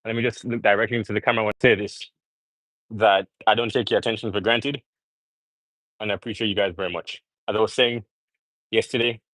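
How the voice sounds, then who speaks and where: A young man with a fairly low voice talks casually and earnestly to his live viewers between sets at the gym. His delivery rambles and he speaks straight to the audience. The sound is close and dry, with little room echo. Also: a bit bright. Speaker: vlogger livestreaming from the gym. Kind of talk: casual live-stream chat.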